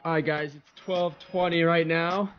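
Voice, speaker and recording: A man's voice: on the high side, steady tone, a little slow, highs cut off. A young man who runs a car repair channel, chatting casually and thinking aloud as he works under a car. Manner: talks while working, thinks aloud. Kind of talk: casual hands-on explanation.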